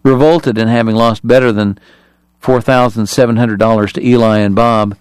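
A male narrator reading a novel aloud in a measured, even way. His voice sits in an ordinary middle register, recorded very dry and close with no room sound. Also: mid-range voice, clean tone, dry recording. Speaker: audiobook narrator. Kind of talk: scripted narration.

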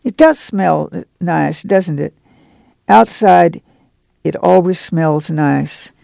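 A man's voice: a little high, slow pace, vocal fry, dark tone, no room sound, heavily acted. A man reading the part of a weary, guarded migrant farm mother in a folksy rural drawl. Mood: warming, humble.

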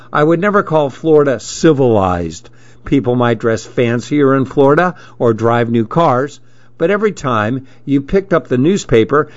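A man narrating a story in a measured, steady reading voice, in a dull lo-fi recording. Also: mid-range voice, dry recording.

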